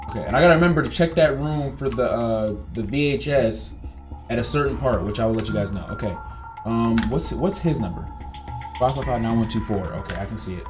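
A man's voice: medium pitch, lively intonation, fast talker. A man doing chatty let's-play commentary, talking straight to his viewers and yelping when something startles him. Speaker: gaming YouTuber. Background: game music.

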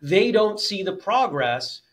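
A man's voice: high voice, very animated, slow pace, fairly bright tone. A man co-hosting a martial arts podcast, talking things through in long, thoughtful sentences with frequent restarts. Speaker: podcast co-host. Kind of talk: casual podcast conversation.

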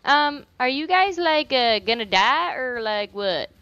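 Unhurried high-voiced woman gamer. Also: smooth, dry recording, dull audio. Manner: swears freely and talks back to the game; animated reactions, repeats phrases. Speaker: gaming YouTuber. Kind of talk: let's play commentary.

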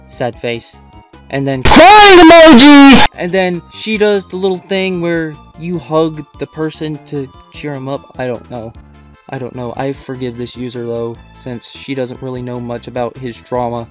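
A man's voice: medium pitch, fairly even intonation, moderate pace, over music. A man doing sarcastic, exasperated commentary, reading out online posts in a vlog.

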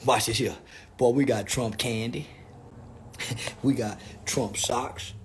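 A man ranting to camera in a loud, theatrical comedic vlog, with exaggerated mock-crying and preaching. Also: mid-range voice, fairly even intonation, slow, slight background noise. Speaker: vlogger. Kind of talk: comedic celebratory rant to camera.

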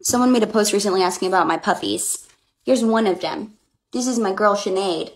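A woman's voice: mid-range voice, a little fast. A woman filming and talking to her puppy in cooing, affectionate baby talk. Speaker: dog owner.

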